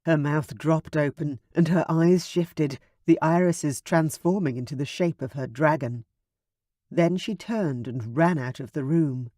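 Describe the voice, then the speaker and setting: A man narrating a first-person paranormal romance audiobook in a slow, steady way. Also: a little high, dry recording, clean studio sound.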